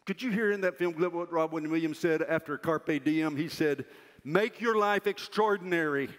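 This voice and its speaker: An older man giving a loud, emphatic chapel sermon to university students in a large hall. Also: a little high, moderate pace. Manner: loud, emphatic preaching that drops to a soft, self-mocking aside. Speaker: university president speaking at chapel. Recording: reverberant hall.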